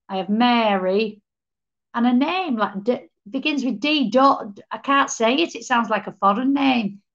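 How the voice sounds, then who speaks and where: A woman's voice: fairly high pitch, vocal fry, highs cut off. A woman medium giving a psychic reading on a live show, earnestly relaying messages she says she receives.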